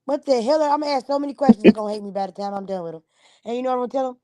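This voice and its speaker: A woman's voice: fairly high pitch, rapid-fire, mellow, dry recording. A woman hosting a casual livestream chat, blunt and emphatic, swearing freely. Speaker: livestream host.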